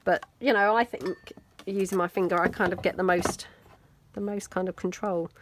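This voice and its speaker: A woman with a British accent and a lowish voice speaks at normal speed with fairly even intonation against a noisy background. Hosting a relaxed mixed media craft video, she chats and thinks out loud as she works, often self-deprecating.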